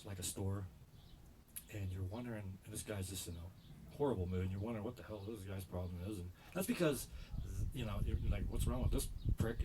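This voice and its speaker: A man's voice: fairly low pitch, a little hiss or hum, rough recording. Stammering, rambling stand-up comedian, man. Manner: rambling, stammering storyteller with sudden loud quoted voices. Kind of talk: stand-up routine.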